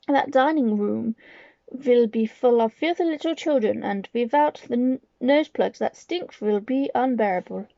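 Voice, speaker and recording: A woman reading aloud and voicing a commanding evil witch leader who barks orders slowly. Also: on the high side, creaky, warm tone, no echo, lo-fi sound. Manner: imperious, barking orders slowly.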